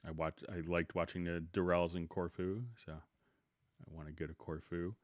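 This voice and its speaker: A middle-aged man hosting a live software tutorial stream in a relaxed, unhurried way, greeting viewers by name before he demonstrates. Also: low voice, no echo, clean studio sound.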